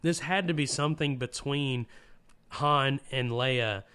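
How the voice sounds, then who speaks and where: A man talking excitedly and emotionally about a film in casual chat, with lots of fillers and restarts. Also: mid-range voice, slow, clean tone.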